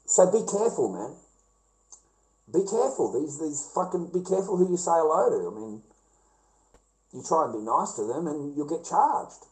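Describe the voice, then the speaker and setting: A man's voice: on the high side, big pitch swings, moderate pace, long pauses, a little mellow, rough recording. A middle-aged man with an Australian accent, telling a rambling, repetitive, profane story to camera. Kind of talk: casual rant to camera.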